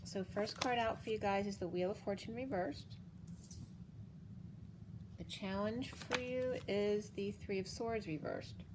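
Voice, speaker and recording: A woman doing a casual tarot card reading, chatty and thinking aloud with fillers and self-corrections, her voice a little hoarse. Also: mid-range voice, a little slow, background noise. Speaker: tarot reader.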